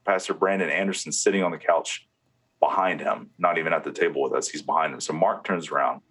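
A man's voice: rumbling low, steady tone, brisk, a bit bright, husky. A man, a former head of security, being interviewed and recounting meetings at length, with fillers and restarts. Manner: retells conversations in quoted speech, with restarts and fillers. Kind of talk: telling a story in an interview.

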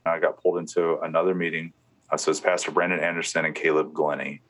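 In this interview, a man who once ran security recounts meetings at length, quoting the conversations and stumbling through fillers and restarts. His very deep voice comes out flat and quick.

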